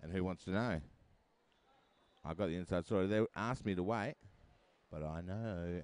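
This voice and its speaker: A man's voice: low-pitched, moderate pace, pauses often, darkish tone. Joking male derby commentator. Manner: chatty, joking asides. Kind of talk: live sports commentary.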